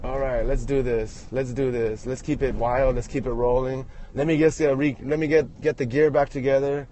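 A man's voice: medium pitch, steady tone, moderate pace, few pauses, warm tone, slight background noise. A man filming himself from inside a truck as he drives, rambling and joking in a crude, self-amused way. He restarts his sentences often. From Los Angeles area. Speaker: vlogger filming while driving. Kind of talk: rambling self-filmed commentary.

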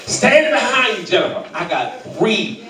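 A man hosting a comedy show, teasing audience volunteers with loud, profane banter from a club stage. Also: sits high, sing-song, normal speed. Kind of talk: stand-up crowd work. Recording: echoey club, mic from far, loud crowd.

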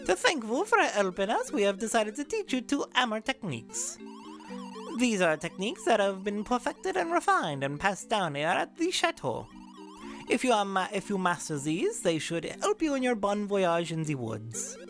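A woman's voice: mid-range voice, big pitch swings, moderate pace, faint music behind. A woman doing a pompous fake-French craftsman. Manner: flowery, theatrical. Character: pompous French-accented brother craftsmen, male.

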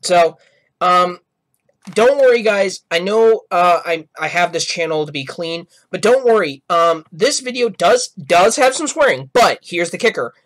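A man's voice: sits high, expressive, measured pace, fairly bright tone. A man hosting a gaming channel, giving rambling, apologetic reaction commentary. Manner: rambling, apologetic, self-correcting.

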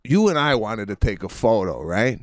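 A man's voice: fairly low pitch, sing-song, moderate pace, no room sound, studio quality. A middle-aged comedian co-hosting a podcast in casual chat, emphatic and profane, stammering as he builds up to his punchlines.

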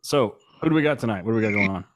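A man with a very low, deep voice co-hosting a podcast in easygoing banter. He laughs often and curses casually, and the close mic gives a dry sound. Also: expressive, rapid-fire, no echo. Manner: laid-back, laughing, profane. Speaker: podcast co-host.

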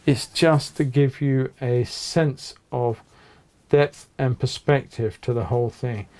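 A man narrating an oil painting tutorial from his small home studio, chatting in a relaxed way while he paints at his easel. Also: mid-range voice, slow. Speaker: painting teacher.

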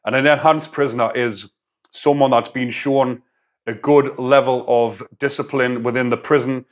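A man's voice: mid-range voice, steady tone, normal speed. A man, a former prisoner, giving a blunt, casual opinion monologue full of prison slang. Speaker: YouTube commentator, former prisoner.

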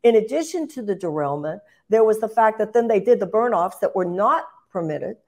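A woman's voice: mid-range voice, lively intonation, fairly quick, a little mellow. An older woman speaking as a political guest. She talks with impassioned emphasis, often restarting phrases and rising in bursts.

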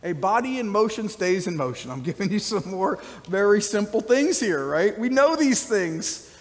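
A man preaching a sermon as a pastor, with energetic, conversational delivery and frequent call-outs to the congregation. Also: sits high, moderate pace, long reverb tail. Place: church sanctuary.

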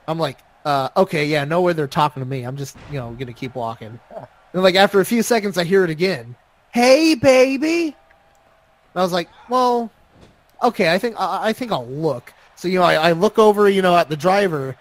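A young man co-hosting a casual chat, rambling through a story with many fillers. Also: a little high. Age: young adult. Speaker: podcast co-host.

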